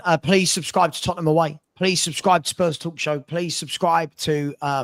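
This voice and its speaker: Man, podcast host, upbeat, high voice, dry sound. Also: dry recording. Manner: upbeat sign-off with shout-outs. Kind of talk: casual podcast chat.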